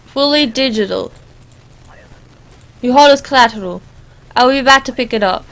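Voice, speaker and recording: A woman voicing a desperate traveler who pleads in broken English, rushed and urgent. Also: fairly high pitch, fairly bright tone, poor audio. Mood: pleading.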